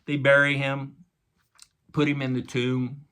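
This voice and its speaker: A man's voice: medium pitch, completely flat delivery, a little slow, bright, forceful tone, smooth. Guy preaching, big dramatic storytelling, talks to folks like buddies. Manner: dramatic retelling with acted quotes and sound effects; casual, addresses listeners as guys. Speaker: pastor. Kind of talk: sermon.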